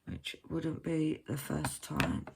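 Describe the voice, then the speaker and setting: A woman chats casually at her craft desk at home, drifting from thought to thought and joking about herself. She talks slowly and without hurry. Clear clicking noises sit behind her voice throughout. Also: sits low, very animated, a little hiss or hum. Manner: rambling, chatty, self-mocking. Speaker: crafting vlogger. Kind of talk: casual chat while crafting.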